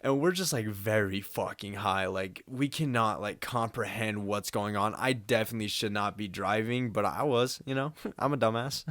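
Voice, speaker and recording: A man's voice: lowish voice, normal speed, fairly bright tone, dry recording. A young man in his late teens telling a storytime vlog in a laid-back, slangy way, swearing often and laughing. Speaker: vlogger. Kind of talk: casual storytime.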